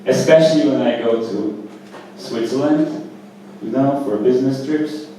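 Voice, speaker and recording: A man performing open mic stand-up comedy at a small cafe, talking in a casual, halting way with lots of fillers. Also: mid-range voice, dark tone, heavy reverb, recorded from a distance, slight background noise, low-quality recording. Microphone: handheld stage mic.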